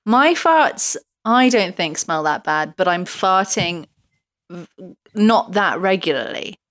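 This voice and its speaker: Animated, teasing woman in chat. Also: lowish voice, slow pace. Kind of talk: casual chat.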